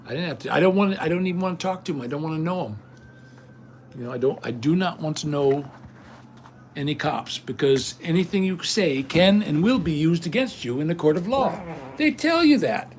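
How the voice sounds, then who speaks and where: A man's voice: fairly high pitch, lively intonation, brisk, a little hiss or hum. An older man hosting a livestream, ranting indignantly and rambling straight at his viewers. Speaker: livestream host. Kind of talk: casual rant to viewers.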